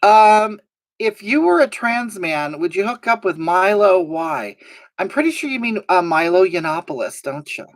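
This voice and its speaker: Sassy woman streamer reading chat aloud with a drawl and a bouncy, animated pitch. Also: normal speed. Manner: sassy, drawling, mock-sincere. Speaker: live-stream host. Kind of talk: reading viewer comments on a live stream.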